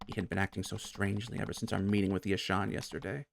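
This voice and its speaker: Streamer, male, chatty game read-through; gravelly tone, clear game music bed. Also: low-pitched, little pitch movement, very fast. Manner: chatty, reacts aloud while reading. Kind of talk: reading a game aloud with commentary.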